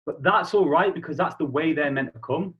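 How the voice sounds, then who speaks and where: A young British man chatting casually as a podcast guest, swearing now and then and telling a joke with lively, animated delivery. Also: a little high, fairly quick. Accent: British English. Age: young adult. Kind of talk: casual chat. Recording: husky voice, dull lo-fi sound.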